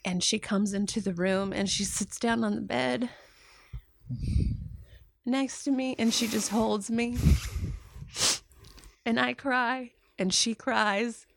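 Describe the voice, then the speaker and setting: A woman, a mother, recounting a painful personal story in a slow, halting way, acting out what others said to her. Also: a little high, fairly even intonation, creaky. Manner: slow, halting retelling with quoted dialogue. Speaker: guest, mother.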